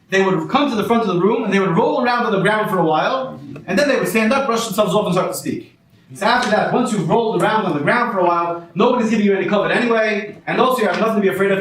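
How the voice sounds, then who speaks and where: A stand-up comedian with a high-sitting, fairly bright voice performs a rambling set sprinkled with Hebrew and Yiddish words. It's a small comedy venue, recorded from far off in an echoey room with a laughing crowd.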